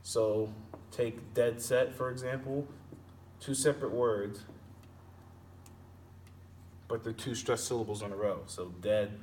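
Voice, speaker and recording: Man, lesson explainer, sounds out and repeats words; mic set back, faint hiss. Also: mid-range voice. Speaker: teacher. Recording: distant mic with faint background noise.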